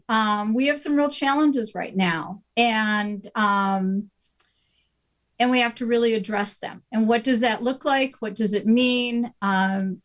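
A woman education organizer answering interview questions in an earnest way with many fillers. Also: a little high.

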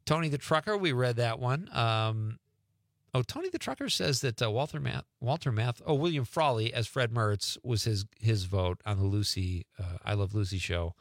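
A man's voice: on the low side, no echo, studio quality. A middle-aged man, hosting a radio talk show and chatting casually as he reads listener texts aloud. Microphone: studio microphone.

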